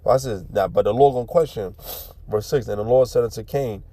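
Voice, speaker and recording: A man's voice: on the low side, fairly quick, dark tone, no room sound. A man teaching scripture in an informal, street-talking way, reading verses and then explaining them bluntly with profanity and frequent repetition.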